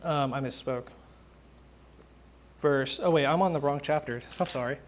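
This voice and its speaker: Here a young man's fairly high voice moves at a moderate pace through an easygoing sermon. He animates his storytelling by casually performing the quotes.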